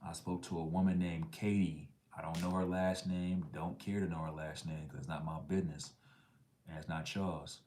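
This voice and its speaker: A middle-aged man with a very low voice hosts a casual livestream. He reads out chat messages in a laid-back, slangy way and now and then drops to a whisper for an aside. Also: flat delivery, normal speed, warm tone, a little hiss or hum. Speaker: livestream host reading chat.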